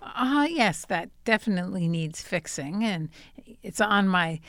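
A woman's voice: medium pitch, animated, measured pace, fairly bright tone, no room sound, clean studio sound. A woman voicing a lazy middle-aged husband who stalls to avoid fixing the fence, read from a comic strip. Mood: evasive. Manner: evasive, stalling. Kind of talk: reading a comic strip aloud.

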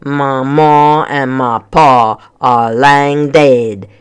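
A storybook reader voicing a small, grumpy bearded hermit with a Scottish accent and a deep, grumbling voice. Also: fairly even intonation, drawn-out words. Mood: suspicious. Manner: gruff, curt, unwelcoming. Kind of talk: storybook reading.

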